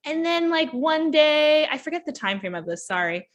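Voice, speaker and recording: A young woman hosting a casual book-review podcast, animated and quick to act out characters' lines. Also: sits high. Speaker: podcast host reviewing books. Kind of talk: casual chat.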